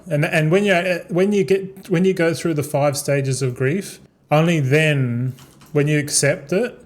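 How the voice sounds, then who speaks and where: Young male streamer, slightly high voice, loose stumbling chat peppered with swearing. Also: unhurried. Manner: repetitive, stumbling, swears freely. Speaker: gaming streamer. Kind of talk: casual rambling stream talk.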